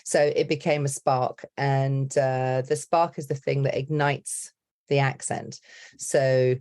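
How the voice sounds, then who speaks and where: A woman's voice: very deep voice, level tone, slow pace, a little mellow. Upbeat chatty woman accent coach. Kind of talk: casual podcast chat.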